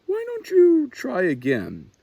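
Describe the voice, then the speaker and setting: A man's voice: very high-pitched, huge pitch swings, slow, creaky, mellow, breathy edge, no room sound, muffled recording, voice pushed up, heavily acted. A man voicing a kind young fawn in a storybook reading, friendly and encouraging.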